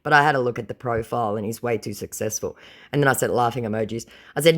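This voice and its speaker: A woman's voice: rumbling low, quick pace. A woman retelling a chat with a scammer aloud, sarcastic and mocking. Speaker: scam-baiting creator.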